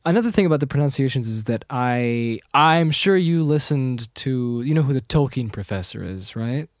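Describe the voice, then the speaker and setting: A man hosting a casual chat, talking in a lively, easy way. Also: medium pitch, moderate pace, no echo, clean studio sound.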